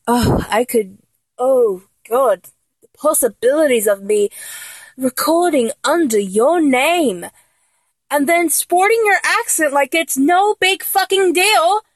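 A woman from England, speaking with an English accent, plays an obsessive, vengeful young female fan in a whispered role-play, lurching between menacing whispers and manic laughter. Her voice is high with lively intonation and a slow pace, in a dry, rough recording.

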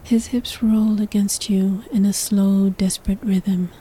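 A woman tells a sensual story straight to the listener in a whispered role-play. Her breathy, mellow whisper moves slowly and stays level, with little rise or fall. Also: mid-range voice, flat delivery, low-quality recording. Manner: second-person storytelling, hushed and sensual. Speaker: narrator.

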